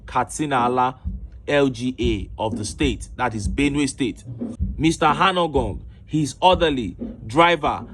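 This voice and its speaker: A man's voice: a little high, background noise. A man with a Nigerian accent reading news reports and online reactions aloud, breaking in with indignant rhetorical commentary. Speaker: political commentator.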